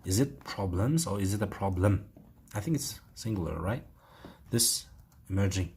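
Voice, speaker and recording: A man's voice: sits low, expressive, moderate pace, a little mellow, slight background noise. A man with an Uzbek accent, teaching IELTS writing and thinking aloud with many fillers as he corrects an essay.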